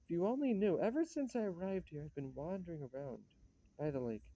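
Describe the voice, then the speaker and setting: An anguished, lovesick young writer, read aloud by a man, who pleads and stammers through his lines from a play. His voice is fairly high, with a dark, mellow tone. The sound is dry and slightly lo-fi. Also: expressive, fairly quick. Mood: yearning. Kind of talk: dramatic play reading.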